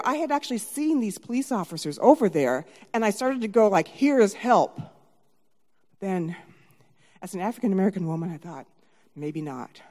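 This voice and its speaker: Middle-aged woman, live stage storyteller; dramatic delivery from hush to shout, mid pitch, long hall reverb. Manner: animated, dramatic shifts from hushed to shouting.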